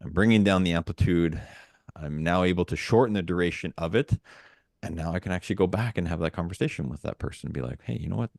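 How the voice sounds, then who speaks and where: A man's voice: deep voice, quick pace, a little mellow, dry recording, studio quality. A man co-hosting a podcast, talking earnestly in a casual, rambling way with many restarts. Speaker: podcast co-host.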